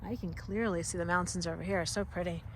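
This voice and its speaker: A woman vlogging casually as she tours filming locations, chatty and excited, with lots of fillers. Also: on the low side, fast. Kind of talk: casual vlog narration. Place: outdoors and in a car. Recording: outdoor recording with traffic noise.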